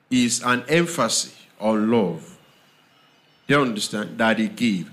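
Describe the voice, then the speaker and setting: A man preaching a sermon, slow and emphatic, repeating phrases and often asking the audience if they understand. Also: medium pitch, lively intonation, a bit bright.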